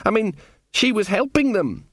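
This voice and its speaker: A man's voice: high-pitched, big pitch swings, moderate pace, no echo, studio quality, pitched above the performer's own voice. A man voicing a nervous young boy at a castle, timid and stammering, in a comic fantasy audiobook. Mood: anxious.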